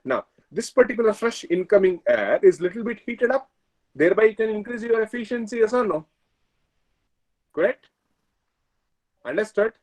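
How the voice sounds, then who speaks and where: Animated Indian lecturer, husky voice. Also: male voice, high-pitched, moderate pace, long pauses, low-quality recording. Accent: Indian, Kannada. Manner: explains step by step with checking questions. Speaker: engineering lecturer. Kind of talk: online class lecture.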